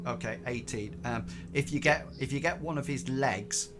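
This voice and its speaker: A man narrating a tabletop game as game master, halting and full of ums. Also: medium pitch, music in the background. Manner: hesitant, many ums and restarts.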